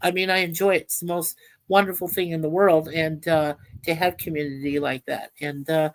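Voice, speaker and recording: A woman hosting a casual livestream, speaking earnestly and warmly to her viewers and reading out their comments. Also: low voice, steady tone, moderate pace. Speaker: livestream host.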